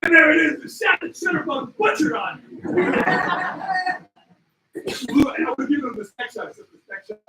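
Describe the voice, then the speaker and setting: A man telling wildlife photography stories to an expo audience, excitable and loud at the peaks, acting out the animals. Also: very high-pitched, a little slow, reverberant, distant mic, background noise. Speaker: wildlife photographer giving a talk. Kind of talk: animated storytelling presentation. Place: expo hall. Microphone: handheld mic.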